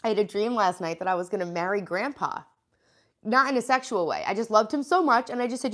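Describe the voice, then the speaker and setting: A woman's voice: medium pitch, fast, a bit bright. An American woman chatting casually on a live stream, congested and sniffling, rambling and greeting viewers by name. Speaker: livestreamer greeting her chat.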